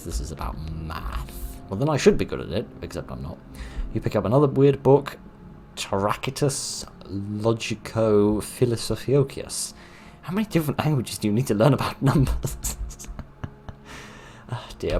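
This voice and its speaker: Young-adult let's player, self-mocking and dry; low voice at a desk mic. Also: male voice, a little mellow. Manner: wry, self-mocking, chuckling. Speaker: let's play host. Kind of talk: gaming commentary.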